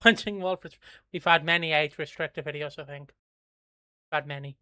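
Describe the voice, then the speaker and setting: A man's voice: fairly high pitch, steady tone, normal speed, sharp tone, clean tone, no echo, studio quality. An Irish man hosting a livestream, commenting on a soap episode in a rambling, chatty way and swearing freely. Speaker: host.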